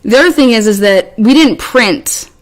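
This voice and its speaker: A woman's voice: on the high side, lively intonation, normal speed. A woman co-hosting a podcast, telling a story in a rambling, exasperated way, swearing freely and restarting often. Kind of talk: casual storytelling chat.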